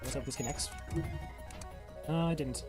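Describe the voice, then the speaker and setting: A man giving casual commentary on his own game run, thinking aloud, reading game text and counting out loud. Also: medium pitch, moderate pace, music in the background. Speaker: gamer playing and narrating his old run.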